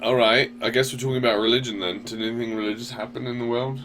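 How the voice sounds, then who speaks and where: A man's voice: mid-range voice, fairly even intonation, fast talker, noisy background. Rambling casual man hosting a show. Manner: rambling, loose, swears casually. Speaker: podcast host. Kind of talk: casual talk radio chat.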